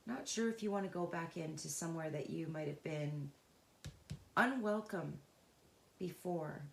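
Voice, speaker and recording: A woman giving an unscripted, intuitive tarot reading, earnest and emotionally involved, talking in a halting, searching way with pauses and restarts. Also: sits low, gravelly, echoey room, slight background noise. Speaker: tarot reader.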